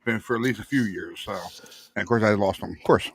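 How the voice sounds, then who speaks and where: An easygoing man from New Jersey hosts a relaxed panel chat. His voice sits low and the sound is dry and close, and he rambles along with plenty of fillers. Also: quick pace, husky, no room sound. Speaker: show host.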